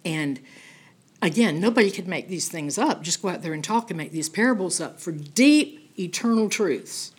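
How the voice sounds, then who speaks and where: A middle-aged woman teaching a Bible study in an animated, emphatic, conversational way, often checking in with "okay?". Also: lowish voice, normal speed, husky.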